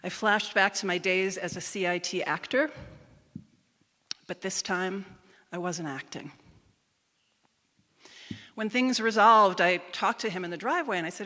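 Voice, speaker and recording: Woman telling her story on a stage, bright clear voice, big hall echo. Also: fairly low pitch, steady tone. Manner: measured and emphatic. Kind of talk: live personal storytelling. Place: theater stage at a live storytelling event. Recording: reverberant live hall.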